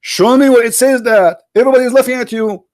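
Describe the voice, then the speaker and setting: A man's voice: very high-pitched, fast talker, darkish tone, no echo. A man hosting a heated debate, insulting and mocking his opponent over and over. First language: Arabic. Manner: mocking, insulting, repeats himself. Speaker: debate host.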